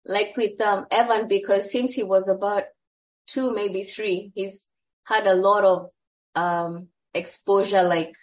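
A woman shares a personal story with her church group in a chatty way, with plenty of fillers. Her voice sits at an ordinary middle pitch. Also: fairly even intonation, takes it slowly, poor audio. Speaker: group member.

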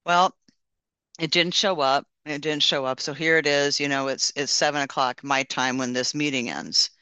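A man's voice: a little high, fairly even intonation, moderate pace, pushed and bright, clean tone, dry recording. A man casually sharing a testimony and praying, telling his story in an earnest, rambling way with many restarts.

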